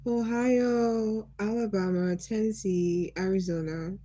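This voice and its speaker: A woman's voice: medium pitch, measured pace, hardly any pauses, dark tone, no room sound, poor audio. A Nigerian woman from Nigeria hosting a casual livestream, greeting viewers by name and asking them curious questions. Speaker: livestream host.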